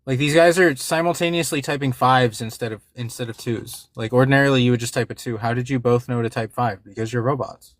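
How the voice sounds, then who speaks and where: A man's voice: medium pitch, brisk, few pauses, no echo, clean studio sound. A man hosting a livestream, talking casually and with frustration to his chat, swearing and repeating himself. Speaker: livestream host.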